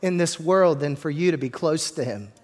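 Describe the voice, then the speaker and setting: A man with a fairly high voice preaches a sermon in an easy, chatty way. He doubles words while he builds a point and slips in jokes for the congregation. A long reverb from the sanctuary trails every phrase. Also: normal speed, a little mellow. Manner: joking asides to the congregation. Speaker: pastor.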